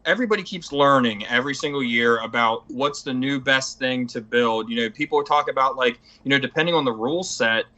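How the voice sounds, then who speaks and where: A man's voice: medium pitch, brisk, few pauses, pushed and bright, highs cut off. A man chatting as a guest on a casual show, rambling eagerly with many filler phrases. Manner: rambling, eager, heavy on "you know". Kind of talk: casual chat.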